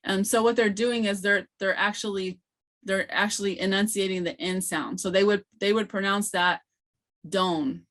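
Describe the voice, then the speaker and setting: A woman leads an online training session for teachers and explains each sound patiently. She talks slowly and fills her pauses with many "um"s. Her voice comes through a computer mic on a video call. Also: mid-range voice, fairly even intonation, fairly bright tone.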